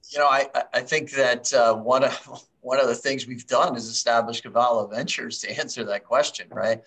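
A man with a bright, forceful voice answering questions on a panel as a company boss. he talks hesitantly, restarting phrases and leaning on "you know" while he works out his point. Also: mid-range voice, steady tone, normal speed, slight background noise, rough recording. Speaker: company chief executive.

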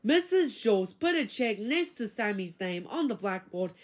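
A woman reading a children's book aloud, chapter by chapter, with expressive, dramatic storytelling. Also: medium pitch, normal speed. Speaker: reader.

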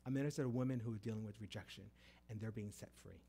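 A middle-aged man preaching a sermon. He tells stories with many restarts, rising loud for emphasis and dropping soft. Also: lowish voice, quick pace, gravelly, slight background noise.

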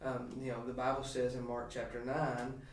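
A man, a pastor, talking through a scripture passage on a podcast in an emphatic, animated preaching way with frequent restarts. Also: mid-range voice, normal speed, roomy sound, far from the mic, slight background noise. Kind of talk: podcast sermon talk.

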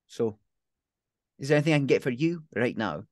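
A man putting on a gruff, big-hearted pub landlady in her late thirties, her voice pushed up higher than his own. She talks brusquely but warmly, in a dry, close sound with no room around it. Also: expressive, brisk, no echo, lightly acted. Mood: tender, reassuring. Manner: gruff, then softening and tender. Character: tough but caring Glasgow pub landlady, late 30s.

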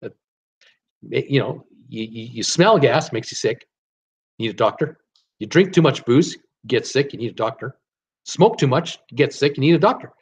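A man's voice: mid-range voice, expressive, moderate pace, slightly rough. A man from Canada hosting a casual live-stream trivia game, reading out viewer guesses and joking between them. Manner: reads viewer guesses aloud, chatty and joking.

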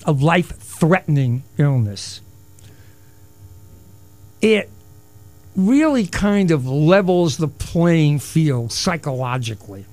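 A man's voice: a little high, lively intonation, slow pace, pauses often, a little mellow, no echo. A middle-aged man hosting a solo radio talk show, rambling and wisecracking with self-mocking asides. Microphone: studio broadcast mic.

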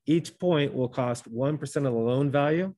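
A man's voice: mid-range voice, normal speed, warm tone, no echo. Dry-sounding male teacher working through steps. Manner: talks through steps, self-correcting. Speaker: math teacher. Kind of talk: classroom lesson.

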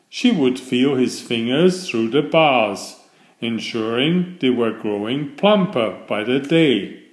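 A man reading a fairytale aloud in slow, expressive, scripted storybook narration. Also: mid-range voice. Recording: echoey room.

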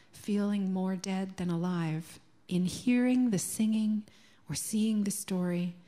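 Slow, soft-spoken Canadian woman preaching. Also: mid-range voice. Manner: slow, gentle and reflective, dropping to a soft near-whisper on key words. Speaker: minister. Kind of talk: sermon. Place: church sanctuary.

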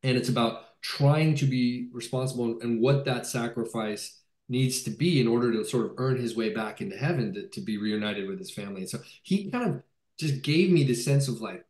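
A man's voice: mid-range voice, normal speed, a little mellow. A male film director in a casual video-call interview, talking enthusiastically with many fillers and restarts. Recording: roomy echo.

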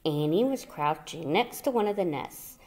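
A woman teacher reading a children's chapter book aloud, telling it in a slow, expressive way. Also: lowish voice, faint music behind.

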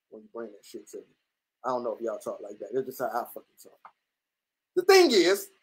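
Brief: combative livestream host, blunt and profane, restarts a lot, average pitch. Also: husky, rough recording. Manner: repetitive restarts, rising into near-shouts. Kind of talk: casual livestream commentary. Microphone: computer or phone mic on a live stream.

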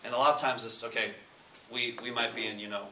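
A man giving a casual sermon to students, asking the room questions and reading scripture slowly. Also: mid-range voice, fairly even intonation, sharp tone. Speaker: Bible study speaker. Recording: echoey room with faint noise.

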